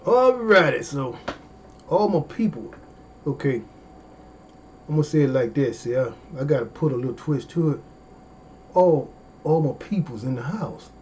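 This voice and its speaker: A man, hosting a comedy livestream in casual chat, animated and folksy, with drawn-out exclamations. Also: on the high side, muffled recording, slight background noise.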